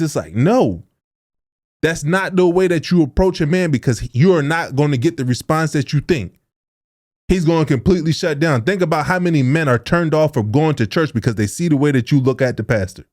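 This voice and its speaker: A man's voice: on the high side, brisk, a little mellow. A young adult man co-hosting a podcast, talking casually and earnestly, with informal, preachy speech. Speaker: podcast co-host.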